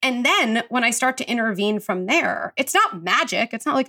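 A woman in her thirties or forties, a parenting psychologist speaking as a podcast guest, animated and acting out her own self-talk. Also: a little high, normal speed. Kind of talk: conversational podcast interview.

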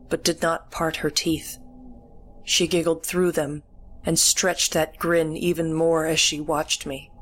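A woman reading a horror story aloud in a measured, deliberate storytelling voice. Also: sits low, a bit bright. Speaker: narrator. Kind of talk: scripted horror story narration.

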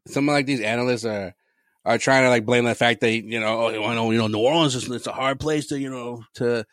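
A podcast co-host riffs animatedly and swears freely through casual sports chat. His mid-range voice is fairly bright and a little fast, with fairly even intonation, captured in a dry, clean studio recording.

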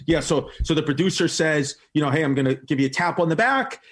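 New comedian dude, kinda high husky voice, tells stories all animated and laughing. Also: male voice, quick pace. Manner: animated storyteller, laughs often and jumps up in pitch for quoted voices. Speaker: guest comedian. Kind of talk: storytelling in casual podcast chat.

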